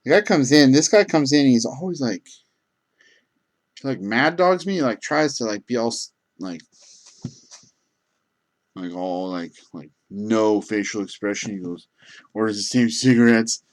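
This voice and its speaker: Man, gas station clerk, casual rambling storytelling, mid-pitched, loose filler-heavy talk. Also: expressive, unhurried, long pauses. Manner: rambling, many fillers and restarts.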